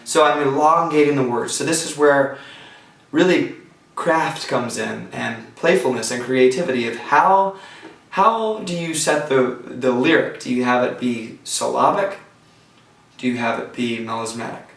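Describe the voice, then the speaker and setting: A man teaching a songwriting lecture, talking thoughtfully with pauses and restarts, recorded from a distance from the mic. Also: mid-range voice, gravelly, a bit bright. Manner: thoughtful, with pauses and restarts, breaks into sung examples. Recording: roomy sound from a distance from the mic.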